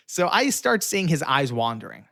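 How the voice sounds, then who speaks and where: A young man, a guest in an interview, telling a story with lively animation and acting out the lines of the people in it. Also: fairly high pitch, moderate pace, creaky, no echo, clean studio sound.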